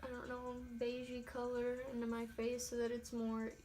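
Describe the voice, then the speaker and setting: A woman's voice: on the high side, completely flat delivery, moderate pace, a little mellow, soft background music. A young woman vlogging a makeup tutorial in casual self-talk, with a light put-on country accent. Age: young adult. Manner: chatty, self-talking, with mild exclamations. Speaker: beauty vlogger. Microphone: phone camera.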